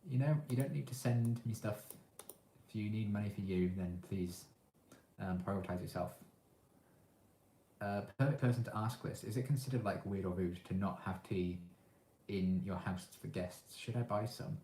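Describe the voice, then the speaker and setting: Young English guy hosting a stream Q&A, laid-back and halting, low voice, faint background hum. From England. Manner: relaxed, hesitant, lots of ums. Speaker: livestream host. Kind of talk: casual Q&A answering chat. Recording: echoey room.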